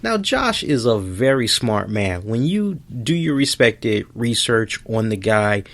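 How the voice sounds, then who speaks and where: A man's voice: lowish voice, measured pace. A man hosting a podcast, ranting in a casual, rambling way with lots of swearing. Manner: profane, rambling, animated. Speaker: podcast host.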